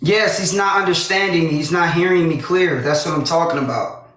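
A man's voice: a little high, fairly quick, a bit bright. A man on a casual livestream who insists on explaining himself and raises his voice. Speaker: livestream guest. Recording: echoey room.

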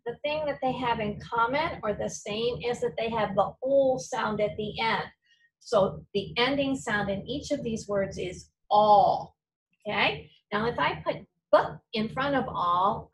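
A woman teacher giving a phonics lesson to young children, slowly modeling each sound for the class to repeat. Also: a little high, recorded from a distance, rough recording. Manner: slow, clear modeling of sounds for pupils to repeat.

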